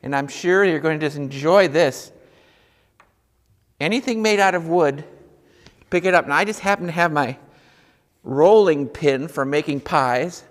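A man's voice: fairly high pitch, a little slow, pauses often, big-room sound. A man teaching a music lesson to young children, patient and encouraging, guiding them through listening and clapping rhythms.

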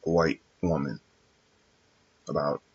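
A man talking to his viewers in a casual, reflective monologue. He is measured and earnest, pausing often with fillers. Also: very deep voice, husky, dull audio. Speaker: vlogger addressing his viewers.

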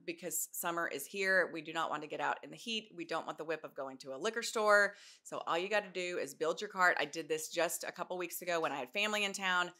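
A woman in her forties hosting a podcast, chatting casually and telling animated stories, swearing now and then. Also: lowish voice. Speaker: podcast host. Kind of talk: casual chat.

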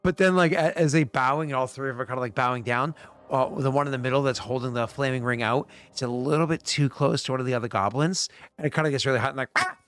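A man's voice: medium pitch, a bit bright. A man running a tabletop game as game master, talking with many fillers, his voice worn out from work. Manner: rambling, halting, lots of fillers.

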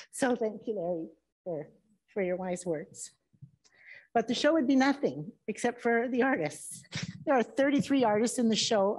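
A woman's voice: on the high side, a little mellow, low-quality recording. A woman co-curator giving opening remarks at a museum exhibition in a friendly, self-deprecating, conversational way. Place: museum event space.

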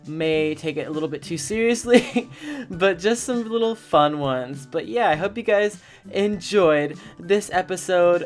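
A gaming channel host giving casual let's-play commentary, theatrical and expressive, talking straight to the viewers. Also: medium pitch.

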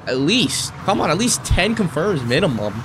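A young man streaming a shooter game, commenting live with profane, excitable and frustrated outbursts. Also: on the high side, moderate pace, noisy background. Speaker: gaming streamer.

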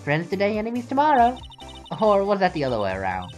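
A man's voice: sits high, huge pitch swings, fast, soft background music, voice pushed up. A man voicing a brash woman photographer with a put-on Southern US accent, folksy and sassy.

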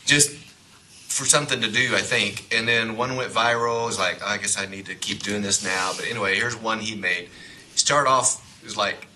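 A man's voice: fairly low pitch, steady tone, normal speed, pushed and bright, slight background noise. A man teaching a class, chatting casually in rambling asides.

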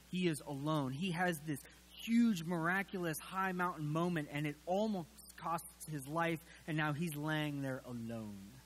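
A male pastor giving a sermon in a relaxed, conversational way, with many fillers and wry, casual asides. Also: fairly high pitch, poor audio.

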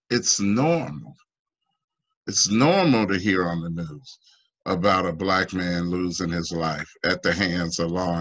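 A man from the United States giving halting, emotional personal testimony in an online town hall, full of restarts and fillers, his pitch climbing when he pleads. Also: bright, forceful tone. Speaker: union member asking a guest.

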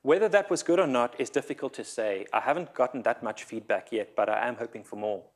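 A man's voice: medium pitch, fast. Nervous, repetitive man giving a talk. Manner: repeats words often, nervous. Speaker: conference speaker. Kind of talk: conference talk. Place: conference hall.

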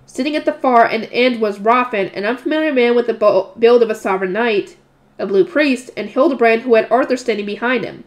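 A woman's voice: on the high side, fairly quick. A woman reading a light novel aloud and stopping now and then for casual comments. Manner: breaks off for chatty comments and laughs at herself.

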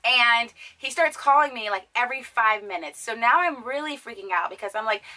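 A young woman vlogger casually telling a story to her viewers, animated and chatty with lots of fillers. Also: sits high, brisk, few pauses, poor audio.

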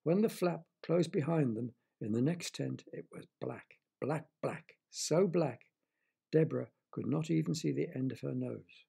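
A man reading a children's story aloud, gently stopping to explain things to young listeners. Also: fairly high pitch, measured pace, creaky, breathy edge.

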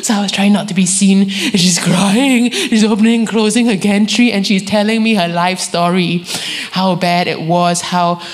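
A woman, preaching a sermon and telling a story with lively quoted voices. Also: mid-range voice, normal speed, hardly any pauses. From Singapore. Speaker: guest preacher.

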